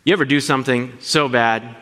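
A man preaching a sermon, animated and asking his listeners questions as he teaches. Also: mid-range voice, fairly quick, long reverb tail. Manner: animated, asks the congregation questions. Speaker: pastor.

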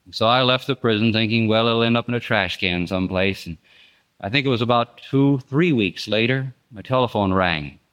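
A man's voice: medium pitch, normal speed, fairly bright tone, clear, resonant tone. An older man preaching a storytelling sermon in an earnest, folksy way, rising and dropping for emphasis. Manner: earnest, folksy, rises and drops sharply for emphasis.

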